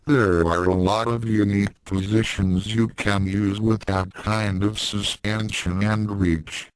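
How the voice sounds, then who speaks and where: Brash, flirty female demon read by a man, low slow delivery. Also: fairly even intonation, smooth, dry recording, rough recording. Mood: playful.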